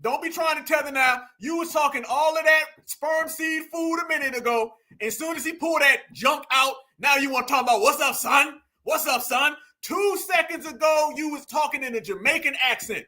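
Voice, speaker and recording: High, bright-voiced man mocking in commentary. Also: fairly quick, few pauses. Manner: scornful, laughing often, repeating phrases.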